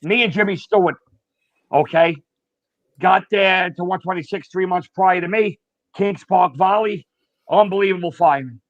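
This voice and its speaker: A middle-aged retired firefighter, guesting on a podcast, tells stories in a blunt, profane, animated way. His voice sits high and moves at a moderate pace, with no echo. The recording sounds dull, dry and lo-fi.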